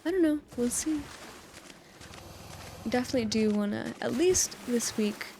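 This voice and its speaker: Soft-spoken young American woman rambling. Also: a little high, expressive, measured pace, a little hiss or hum. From United States. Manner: chatty, meandering storytelling with frequent laughs. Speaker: gaming channel host. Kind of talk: soft-spoken rambling over relaxing gameplay.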